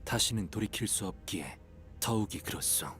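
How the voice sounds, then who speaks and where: A man's voice: lowish voice, lively intonation, racing, a bit bright. An actor playing a grave, formal man giving stern, old-fashioned counsel, heard as game audio with music underneath. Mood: solemn. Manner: solemn, old-fashioned speech.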